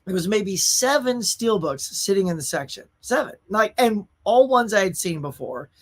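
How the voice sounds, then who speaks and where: A man hosts a relaxed live stream from his own room at home. He talks in an easygoing, chatty way and calls out viewers by name. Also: sits high, normal speed. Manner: laid-back, chatty, greets viewers by name. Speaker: host of a pop culture live show. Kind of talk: casual livestream chat.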